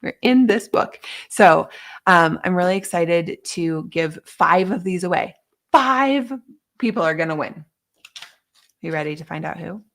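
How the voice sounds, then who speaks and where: Hosting a live online session, a woman chats casually and gushingly, her speech full of filler words. Her voice is on the low side and creaky, moving at a moderate pace.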